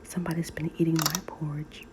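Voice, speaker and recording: A woman voicing a quiet, gentle mother bear, a whispered role-play over loud nail tapping clicks. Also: low voice, little pitch movement, quick pace, heavy background noise, close to an everyday voice.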